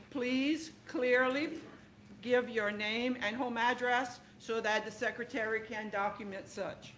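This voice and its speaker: A woman's voice: fairly high pitch, a bit bright, a little hiss or hum, poor audio. A woman chairing a school board meeting, formal and procedural, with hesitant fillers as she reads the rules.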